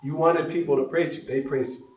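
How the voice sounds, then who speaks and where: A man teaching a spiritual retreat group, telling stories in a lively, animated way. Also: on the high side, fairly quick. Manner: animated storyteller, laughs along with listeners. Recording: roomy, from a distance, faint noise.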